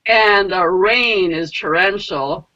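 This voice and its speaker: A woman telling a personal story in a casual, rambling way, acting out her own quotes with big jumps in pitch. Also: slow pace, sharp tone, muffled recording. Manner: rambling with many fillers like "like" and "you know". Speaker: spiritual mentor and energy healer.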